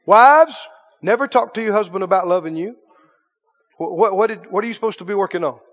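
A man's voice: high-pitched, fairly quick, fairly bright tone, big-room sound, muffled recording. A male pastor delivering a sermon, preaching emphatically and checking in with the congregation through repeated questions. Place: church sanctuary.

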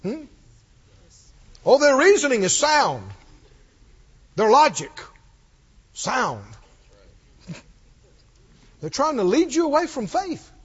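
A man preaching a sermon, telling the story with animated delivery, acting out quoted lines and chuckling often. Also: extremely high pitch, slow, pauses often, breathy edge, dull audio.

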